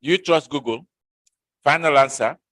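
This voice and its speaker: A man's voice: fairly high pitch, normal speed, fairly bright tone, no room sound, rough recording. A man teaching an usage lesson in a classroom, questioning and coaxing his students to answer.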